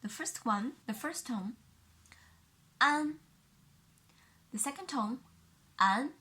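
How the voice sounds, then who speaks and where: A woman with a Chinese accent teaching a pinyin lesson, explaining sounds slowly and carefully and repeating each one for the learner. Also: fairly high pitch, lively intonation. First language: Mandarin Chinese.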